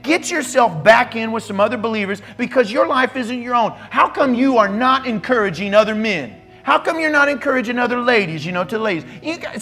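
A middle-aged pastor preaching in a church, his voice sitting notably high for a man. He teases and scolds his congregation in a lively, playful way, with faint music playing under his words. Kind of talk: sermon.

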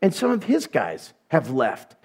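A man with a notably high voice delivers a sermon. He retells the story in an animated, conversational way and slips in humorous asides. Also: unhurried, gravelly, breathy edge. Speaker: preacher.

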